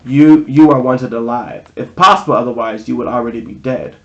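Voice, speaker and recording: A man reading aloud, voicing a monster posing as a male teacher, slow and sinister. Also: mid-range voice, lo-fi sound, close to an everyday voice. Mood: menacing.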